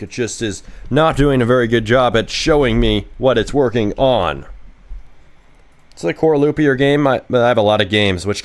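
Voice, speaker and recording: A young game developer streams live while coding, his voice medium in pitch. He's brash, profane and excitable, chatting casually as he reads viewer chat questions aloud and answers them.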